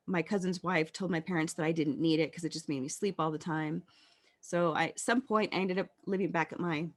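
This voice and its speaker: A podcast guest, a woman in her thirties, speaks in a voice on the low side. She shares her personal story with earnest reflection, pausing haltingly at times.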